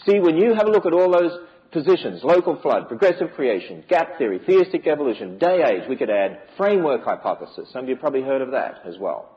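A man's voice: medium pitch, very animated, fast talker, few pauses, lo-fi sound. A man giving an emphatic preaching lecture to a church audience, with many rhetorical questions. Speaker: speaker on biblical creation.

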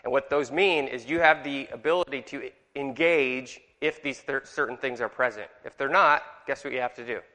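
A man's voice: medium pitch, normal speed, few pauses, pushed and bright. A middle-aged man teaching a Bible class in a jokey way and asking the room questions. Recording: long hall reverb.

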